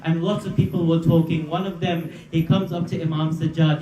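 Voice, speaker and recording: A man's voice: a little high, flat delivery, a little fast, mellow. A man giving a religious sermon at a live gathering, telling a story in an earnest preaching manner and asking rhetorical questions. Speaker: majlis speaker. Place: gathering hall at a live majlis. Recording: echoey hall from far off.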